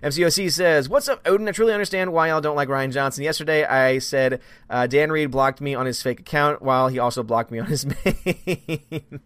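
A man's voice: a little high, brisk, a bit bright, smooth, dry recording. A man hosting a casual live stream, greeting viewers by name and reading their comments aloud.

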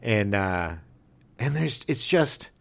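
A man's voice: on the low side, takes it slowly, vocal fry. A middle-aged man co-hosting a podcast, chatting casually and telling stories with animation and frequent laughs. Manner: animated storyteller, laughs often. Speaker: podcast co-host. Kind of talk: casual chat.

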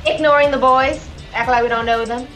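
A woman playing in a tabletop role-playing game, planning moves in a relaxed, giggly way. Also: high-pitched, brisk, soft background music. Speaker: player. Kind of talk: casual in-character play.

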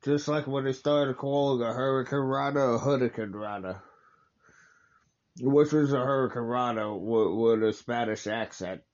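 A man's voice: medium pitch, fairly even intonation, moderate pace, darkish tone, dull audio. A man hosting a casual wrestling watch-along, talking over the match in a rambling, enthusiastic way and correcting himself often.

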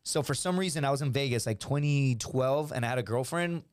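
A man in his thirties, a comedian telling a story on a podcast, animated and laughing mid-sentence. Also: mid-range voice, brisk. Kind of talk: casual comic storytelling.

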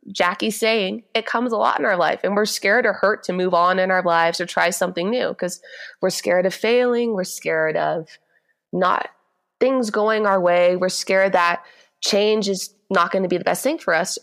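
A woman in her twenties, a podcast guest, telling a story in a chatty, animated way with a gentle voice. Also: mid-range voice. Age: 20s. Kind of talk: casual chat, storytelling.

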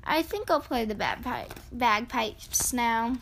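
A woman's voice: a little high, slow, a bit bright, a little hiss or hum. A woman voicing a well-meaning, sulky duck in a children's storybook, speaking plaintively. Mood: content.

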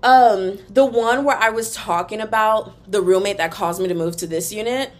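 A woman's voice: medium pitch, moderate pace. A young woman hosting a casual solo podcast, chatty and gossipy, calling her listeners y'all, talking into her computer's built-in mic at home. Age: young adult. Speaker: podcast host. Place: room at home in front of a wall.

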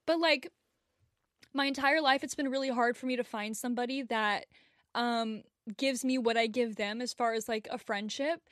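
A woman's voice: on the high side, moderate pace, a bit bright, dry recording, clean studio sound. A young woman co-hosting a podcast, talking in an earnest, heartfelt and emotional way. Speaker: podcast co-host. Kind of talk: casual chat.

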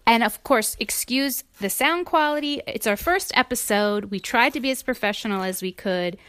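A woman's voice: a little high, moderate pace, fairly bright tone, clean tone. A woman hosting a family podcast, reading a children's storybook aloud at home.

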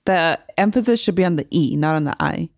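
A woman's voice: low voice, expressive, a little fast, a little mellow, dry recording, clean studio sound. A young woman co-hosting a podcast in casual chat, blunt and outspoken, swearing freely. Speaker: podcast co-host.

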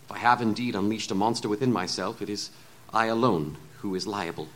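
A man playing a troubled, guilt-ridden gentleman doctor who stammers and talks in an earnest, formal way. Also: lowish voice, a little fast, lightly acted. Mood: resolute. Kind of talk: audio drama acting.

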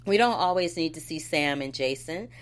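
A woman co-hosting a casual chat about a soap opera, animated and quick to laugh. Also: low-pitched. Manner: animated, laughs often, acts out quotes. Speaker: soap opera podcast co-host.

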